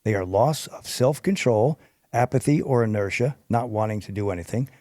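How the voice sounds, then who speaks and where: A man's voice: fairly low pitch, normal speed, dark tone, dry recording, studio quality. A man hosting a podcast, reading health information from notes and adding informal asides, sometimes stumbling over hard terms. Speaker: podcast host.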